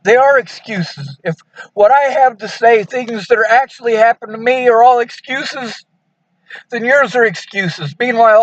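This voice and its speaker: A man's voice: high-pitched, dry recording. A man on a phone call, distressed and pleading, bitter and near tears.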